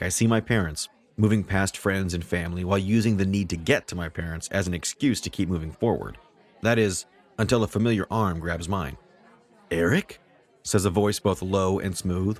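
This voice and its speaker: A man hosting and narrating a first-person short story in a measured, wry way. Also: low-pitched. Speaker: host and storyteller.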